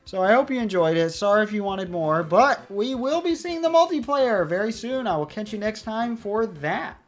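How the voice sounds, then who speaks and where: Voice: mid-range voice, big pitch swings, normal speed, faint music behind. A let's play host casually commenting on a puzzle game. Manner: chatty, rambling.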